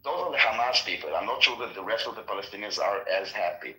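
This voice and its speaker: A man's voice: on the low side, lively intonation, fast, pushed and bright, reverberant, poor audio. A man in casual political talk, speaking earnestly with many restarts and fillers.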